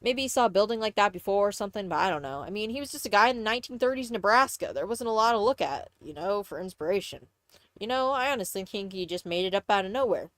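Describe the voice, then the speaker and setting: A woman's voice: medium pitch, expressive, quick pace, a bit bright, no room sound. Young woman, mixed Southern and Midwestern accent, rambling stream chat, dry close mic. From Texas, USA. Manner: rambling, self-correcting, chatty. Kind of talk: casual live-stream chat, reading aloud.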